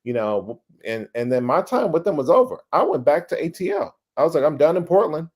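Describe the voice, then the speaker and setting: A middle-aged man, a podcast guest, telling his career story in a casual, animated way, swearing and acting out past scenes. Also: on the high side, fairly quick, husky. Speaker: podcast guest, ad creative director.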